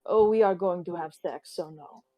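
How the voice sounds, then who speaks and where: A blunt male adventurer who pushes his point without tact, as a woman puts him on during a tabletop game. He speaks slightly low and fast, and he is insistent. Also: mellow, faint music behind, natural voice.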